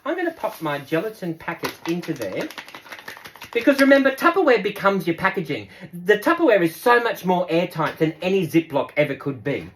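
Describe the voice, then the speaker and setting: A man's voice: high-pitched, big pitch swings, fairly quick. Chatty Australian man demonstrating kitchenware. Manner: chatty and upbeat, talking straight to viewers. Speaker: cooking demonstrator. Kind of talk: casual cooking demonstration.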